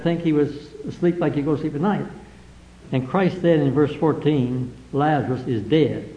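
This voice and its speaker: A male preacher with a fairly high voice, reading the Bible aloud verse by verse and then explaining it simply. The recording is dull and lo-fi, with a roomy echo around him. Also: dark tone. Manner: old-fashioned King James phrasing in quotes.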